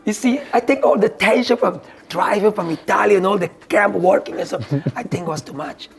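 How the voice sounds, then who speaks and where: A kung fu coach telling an animated story in non-native, broken English, laughing often as he talks. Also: sits high, fairly quick, gravelly, faint music behind. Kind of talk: animated storytelling in a sit-down talk.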